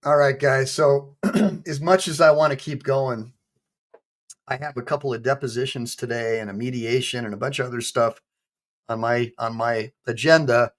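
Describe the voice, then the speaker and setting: An attorney speaks directly to his audience in a relaxed, conversational way. He talks at a moderate pitch, with frequent ums and you-knows. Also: normal speed. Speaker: attorney, channel host. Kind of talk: reaction video commentary.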